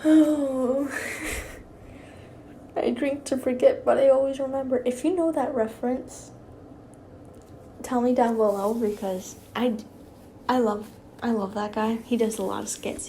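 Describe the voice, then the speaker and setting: Chatty woman reader, rambles and trips over words, somewhat high voice, faint background noise. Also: normal speed, mellow. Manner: rambling, self-interrupting, giggly. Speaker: YouTube fan fiction reader. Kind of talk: casual read-aloud with chatty asides.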